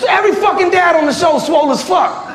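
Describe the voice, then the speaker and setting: A man in his forties from Virginia does profane stand-up on a club stage. His voice sits high for a man, and he breaks into loud bursts and laughs through his punchlines. The room echoes and a big crowd laughs around him. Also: fast talker. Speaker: stand-up comedian and military veteran. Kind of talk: stand-up comedy set. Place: comedy club stage before a live audience.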